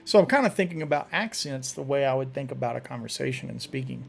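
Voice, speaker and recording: A man's voice: mid-range voice, fast talker, creaky, hardly any pauses, a little hiss or hum. A man hosting a casual live stream, chatting loosely and often restarting his words while he demonstrates on guitar. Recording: guitar playing in the background.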